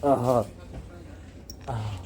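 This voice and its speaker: A man, mid-pitched, arguing and pleading with a lot of swearing. He talks over others in a heated, real-life exchange. The recording is noisy and full of hiss. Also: steady tone, very slow, dark tone. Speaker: patient. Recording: noisy handheld audio log.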